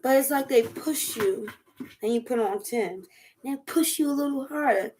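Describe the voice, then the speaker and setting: A woman chatting casually over dinner as a vlog host, animated, laughing often and riffing through asides. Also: on the high side, moderate pace, slight background noise. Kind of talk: casual chat while eating dinner.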